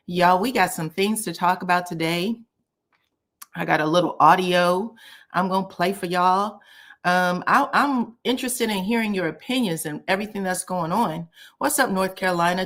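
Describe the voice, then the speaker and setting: A woman's voice: medium pitch, fairly bright tone. A woman hosting a casual live stream from home, greeting viewers by name and city and chatting loosely about online drama. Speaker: livestream host. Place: a cold room at home.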